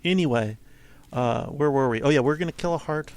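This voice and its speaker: A man's voice: a little high, a little fast, darkish tone. A man casually commenting on his own gameplay, thinking aloud and rambling with a self-amused tone. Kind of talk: casual let's-play commentary.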